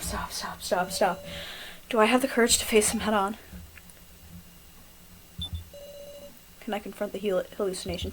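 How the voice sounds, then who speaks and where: A woman's voice: mid-range voice, natural voice, low-quality recording. A woman voicing an anxious, desperate young woman, reading her inner thoughts in a tense, pleading way. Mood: shaken.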